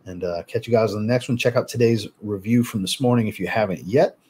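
A man hosting a casual livestream, reading viewer comments aloud and answering them in a relaxed way. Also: on the low side, quick pace, slight background noise. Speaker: fragrance livestream host.

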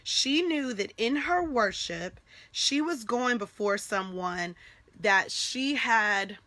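A woman's voice: a little high, animated, takes it slowly, sharp tone, no room sound. A woman leading a devotional Bible study, conversational and encouraging, often stopping to check in with an "okay?" and restarting her phrases as she thinks aloud.

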